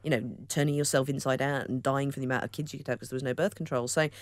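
A woman from Wolverhampton tells stories at a rapid clip, quick and self-mocking. She sits at a studio microphone in a dry, close radio booth, with no room sound around her. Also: rumbling low, fairly even intonation, no room sound. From Wolverhampton, England. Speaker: guest. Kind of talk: casual radio interview chat.

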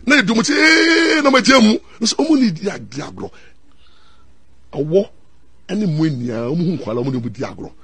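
A middle-aged Ghanaian man and lawyer, telling stories in an excitable way, mixing Twi and English and repeating his words. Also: high voice, fairly quick, husky, no echo. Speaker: lawyer and commentator. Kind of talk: animated storytelling talk.

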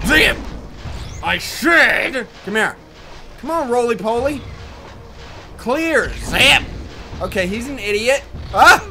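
A man doing let's play commentary, loud and excitable, often yelling at enemies. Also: extremely high pitch.

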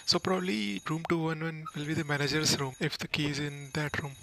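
A man's voice: on the high side, little pitch movement, brisk, vocal fry, pushed and bright, slight background noise, poor audio. A man casually commenting on a game walkthrough, explaining each step plainly. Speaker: gaming channel host.

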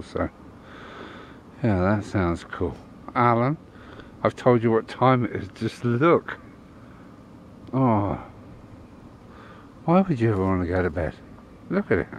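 Filming himself by a roadside and an old wall, a middle-aged truck driver who vlogs about his travels rambles casually to the camera. His voice is on the low side, with slight background noise.

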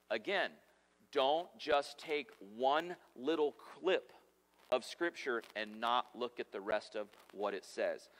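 A man's voice: mid-range voice, expressive, slow pace, pushed and bright. Emphatic male pastor in reverberant hall. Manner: emphatic, conversational preaching with humorous asides. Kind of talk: sermon. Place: church sanctuary. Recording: long reverb of a church hall.

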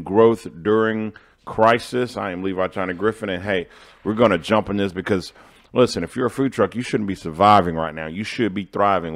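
An American man coaching food truck owners, presenting business tips over charts in an upbeat, motivational way and talking straight to his viewers. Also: fairly low pitch.

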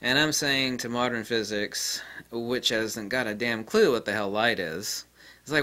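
A man holds forth in a solo lecture with a forceful, tense edge to his voice. He rambles, swears freely and sounds scornful of anyone who disagrees with him, though his pitch stays in an ordinary middle range. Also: a little slow. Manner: combative, profane and rambling; scornful toward critics. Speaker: channel host.

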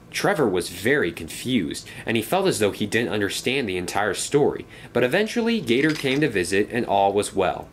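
A man narrating a storybook in a lively, measured reading. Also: fairly low pitch, a little hiss or hum.

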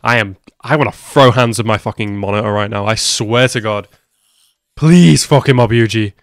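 A man reacting to an anime episode, swinging between hushed muttering and loud, swearing outbursts. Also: on the low side, normal speed, no room sound, studio quality. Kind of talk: live reaction commentary.

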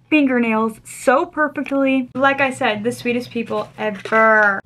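A young woman chatting casually as she unboxes gifts, gushing and excitable. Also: on the high side, unhurried, few pauses. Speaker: book vlogger.

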